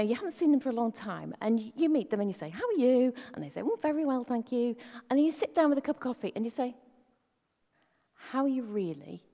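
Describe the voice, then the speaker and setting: A woman preaching a sermon in an easy, conversational way, with rhetorical questions tossed to the congregation. Her voice sits fairly high but sounds mellow and soft-edged. It rings out with a long reverb, as if in a large hall.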